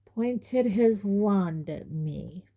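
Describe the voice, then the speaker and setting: A shaken, spoiled teenage boy who mumbles and stumbles over his words, as a woman reading an audiobook puts him on. Slow, hoarse and halting, in a dark, low-lit tone. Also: steady tone.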